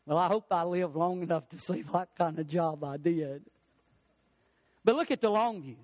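A middle-aged male pastor preaching a sermon, swinging his pitch and pace for emphasis. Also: moderate pace, a little mellow, no room sound.

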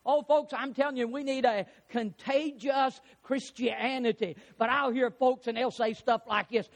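A pastor preaching a sermon, fervent and rising to shouts, putting questions to the congregation. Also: male voice, extremely high pitch, fairly even intonation, unhurried, hardly any pauses.

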